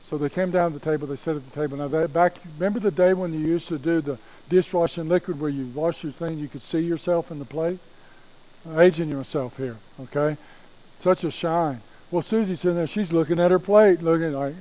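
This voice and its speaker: A man's voice: fairly high pitch, brisk, mellow, rough recording. A man telling a folksy story with chatty asides to the audience.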